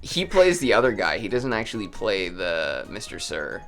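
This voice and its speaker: A man co-hosting a let's play, rambling in an animated way and laughing often. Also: fairly low pitch, moderate pace. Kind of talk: casual gaming chat. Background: faint game music.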